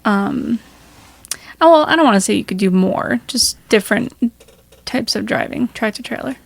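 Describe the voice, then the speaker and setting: A woman co-hosting a casual podcast, a little hoarse, chatty and laughing often as she rambles through stories. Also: a little high, animated, normal speed, no echo. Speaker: podcast co-host. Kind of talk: casual chat.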